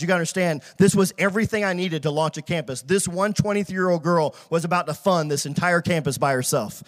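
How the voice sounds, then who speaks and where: A middle-aged man pastor preaching a sermon, telling a story and rising to shouted praise. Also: a little high, quick pace, few pauses.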